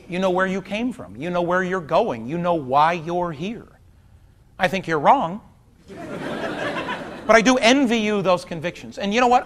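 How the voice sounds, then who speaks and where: Wry high-voiced male stand-up comic. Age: 30s. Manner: wry, conversational, rising to loud outbursts. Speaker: stand-up comedian. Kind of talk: stand-up comedy. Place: theater stage before a large audience. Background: audience laughter.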